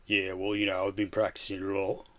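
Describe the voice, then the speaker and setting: A man voicing a rowdy London bloke demanding lager and money with loud, mock-threatening banter. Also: low-pitched, monotone, a little fast, lightly acted.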